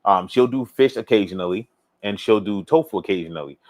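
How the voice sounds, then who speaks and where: A man's voice: lowish voice, brisk. Laid-back man chatting on a livestream. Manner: relaxed, rambling, repeats himself, laughs often. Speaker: fitness coach livestream host. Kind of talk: casual livestream chat reading viewer comments.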